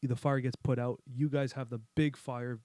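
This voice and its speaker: Calm podcast guy musing about stuff, dry close mic. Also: medium pitch, normal speed, no echo. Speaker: podcast co-host. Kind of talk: casual chat.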